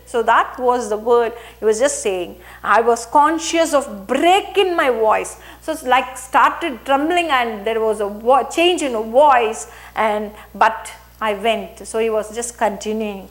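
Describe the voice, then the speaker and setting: High-pitched lady teaching a class, repeats each line then explains it, does the characters' lines herself. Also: unhurried, few pauses. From India. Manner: rereads and paraphrases each line, acts out the quoted speech. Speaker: English teacher. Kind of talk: explaining a story to students.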